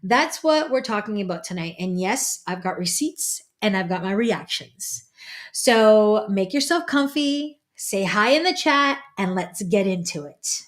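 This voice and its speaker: A woman's voice: mid-range voice, lively intonation, unhurried. A woman, a psychic medium, hosting a casual livestream in a chatty, rambling way and greeting viewers by name.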